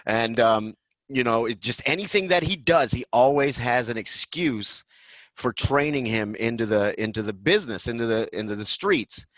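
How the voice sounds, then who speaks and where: An excited man hosts a relaxed podcast talk about a film. He jumps into little acted-out bits as he goes. His voice sounds dry and close, with no room around it. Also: medium pitch, dry recording. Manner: excited, acts out film lines in quick bursts. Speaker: podcast host. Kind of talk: casual movie discussion.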